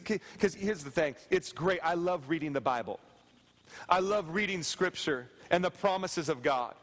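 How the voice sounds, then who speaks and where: High-voiced pastor preaching in a reverberant church. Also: male voice. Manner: repetitive, dropping soft and slow on key phrases; storytelling with quick asides to the congregation. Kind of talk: sermon. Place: church sanctuary.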